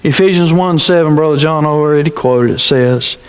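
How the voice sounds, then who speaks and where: Man, pastor, sermon, dramatic repetition, high voice, church reverb. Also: normal speed, clean tone. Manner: dramatic storytelling, repeats phrases, stumbles and restarts. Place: church sanctuary.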